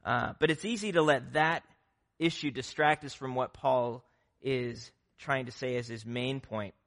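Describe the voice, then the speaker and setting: A male pastor delivers a sermon in a conversational, earnest way. His voice is bright and sharp-edged, with a middling pitch. He talks plainly to his congregation, with the odd filler and restart. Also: a little slow.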